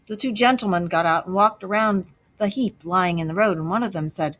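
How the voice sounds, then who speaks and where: A woman teacher narrating a children's storybook aloud with expressive, dramatic delivery. Her voice sits at an ordinary middle pitch. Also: brisk, hardly any pauses.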